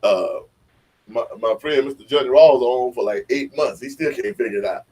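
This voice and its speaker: A man hosting a casual live video chat, relaxed and encouraging toward his guest. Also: mid-range voice, normal speed, breathy edge. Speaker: show host.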